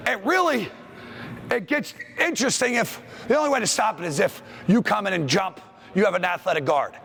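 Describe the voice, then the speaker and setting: Brief: male clinic coach, lively up-and-down delivery, snaps quick commands on court, faint noise behind. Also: high-pitched, gravelly. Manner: brisk commands, calls out plays. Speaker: basketball coach leading a clinic. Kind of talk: on-court coaching drill instruction. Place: school gym.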